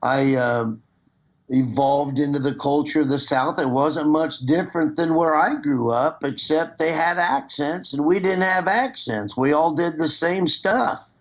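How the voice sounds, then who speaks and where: A man's voice: fairly high pitch, a little slow. A middle-aged man from Nebraska, a comedian calling in as a guest and talking loosely, with many restarts. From Nebraska, USA. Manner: rambling, with restarts. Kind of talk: casual phone conversation.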